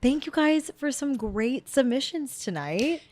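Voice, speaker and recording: A woman hosting a podcast, chatting casually and telling stories with swearing and lively bursts. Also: high voice, measured pace. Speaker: podcast host. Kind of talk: casual chat.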